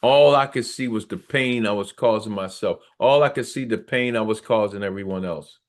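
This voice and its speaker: A middle-aged man with a fairly low voice reads aloud from his own memoir. Between passages he stops to preach and hammers his points home with repetition. His delivery is earnest and insistent. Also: normal speed. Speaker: author reading his memoir.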